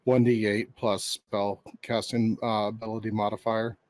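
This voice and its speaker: A man playing a tabletop game who states his moves in a deliberate, matter-of-fact way. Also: fairly low pitch, little pitch movement, darkish tone, no echo. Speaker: player. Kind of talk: casual tabletop game chat.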